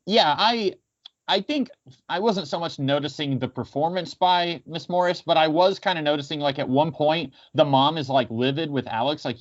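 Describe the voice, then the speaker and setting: A man's voice: fairly high pitch, normal speed, muffled recording. A man co-hosting a podcast, talking casually about a film with lots of fillers. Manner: chatty, many fillers, quotes lines in character. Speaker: podcast co-host.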